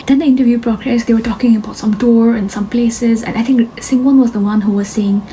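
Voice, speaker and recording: Young woman vlogger, Himalayan origin, lively self-mocking storyteller, mellow tone. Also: fairly high pitch, brisk, a little hiss or hum, poor audio. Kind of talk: casual storytelling vlog.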